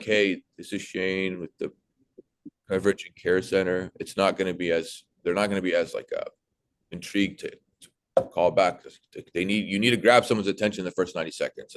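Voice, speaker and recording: Speaking in a low voice, a young man gives his sales team relaxed, informal coaching on the job. Full of energy, he often switches to a cheery, exaggerated phone-rep voice to role-play calls.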